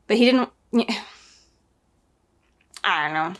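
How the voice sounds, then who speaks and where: A woman's voice: mid-range voice, expressive, slow, a bit bright, slight background noise. A woman casually reviewing a show against the book, sarcastic and exasperated as she reacts.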